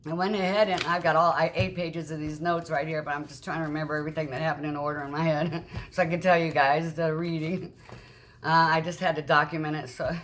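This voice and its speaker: A woman vlogger telling a frightening personal story, shaken and halting, with many restarts and acted-out quotes in a raised voice. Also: medium pitch, fairly bright tone. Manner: acts out quoted dialogue with raised voice. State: upset.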